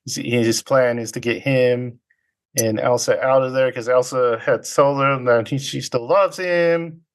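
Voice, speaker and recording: Speaking in a smooth, mid-range voice with fairly even intonation, a man retells a movie's story on his podcast. His delivery is loose and halting, full of fillers, with brief character imitations thrown in.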